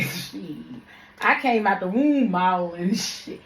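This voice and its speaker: A woman's voice: medium pitch, lively intonation, slow, roomy sound. A young woman from Louisiana, chatting casually to her viewers in a slangy, laughing vlog. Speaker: makeup artist vlogger.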